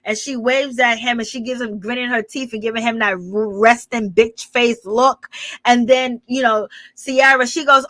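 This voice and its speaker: A woman recaps reality TV drama in a loose, chatty way, laughing often and playing out what each person said. Her voice sits a little high and sounds bright and forward. The recording is dry and close. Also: normal speed, dry recording. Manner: animated retelling with quoted dialogue. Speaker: gossip channel host.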